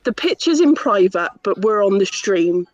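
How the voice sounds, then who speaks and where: A woman's voice: mid-range voice, very animated, moderate pace, dry recording, poor audio. A woman telling a teasing story in a casual streamed group chat.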